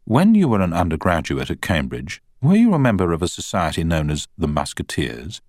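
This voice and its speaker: A man voicing a sharp young male barrister who asks pointed, probing questions. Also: sits low, huge pitch swings, a little fast, no echo, clean studio sound, full character voice.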